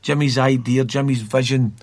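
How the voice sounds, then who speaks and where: Scottish guy telling old stories, keeps repeating himself, flat delivery, dry sound. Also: medium pitch, normal speed, no room sound. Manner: rambling, repeats words while recalling. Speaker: guest from a youth football academy. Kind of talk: storytelling in a podcast interview.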